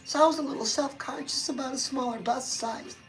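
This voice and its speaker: High-voiced chatty woman livestreaming. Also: a little fast, soft background music, poor audio. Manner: chatty, talks straight to viewers as "girl". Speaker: livestream host.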